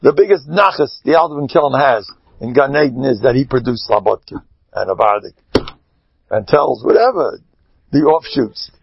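A man speaking as a rabbi in an animated Torah talk, emphatic, swinging between loud exclamations and low asides. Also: normal speed, creaky, highs cut off, background noise.

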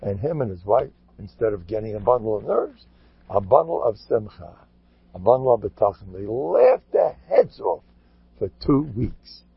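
A man, a rabbi, giving a lively storytelling Torah talk, acting out quotes and sprinkling in Yiddish and Hebrew words. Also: fairly low pitch, normal speed, creaky, slightly rough, no echo. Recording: dull lo-fi recording.

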